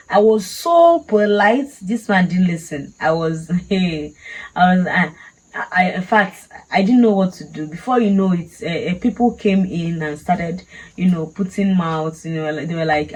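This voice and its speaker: A woman's voice: on the low side, animated, measured pace, a little mellow, poor audio. A woman with a Nigerian accent, telling a personal story casually and animatedly, laughing often. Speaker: vlogger.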